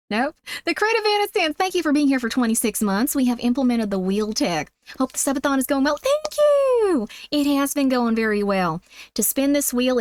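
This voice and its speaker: A young woman streamer with a squeaky voice and a put-on Southern accent, chatting sweetly with viewers and calling them sweetie. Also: no echo. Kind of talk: casual livestream chat.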